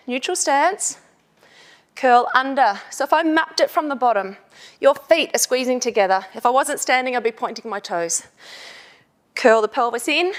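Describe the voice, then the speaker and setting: A woman leads a handstand workout in a high, bright-toned voice. She cues each step and counts reps to encourage the viewer. She sounds strained as she holds the poses herself. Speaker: fitness instructor.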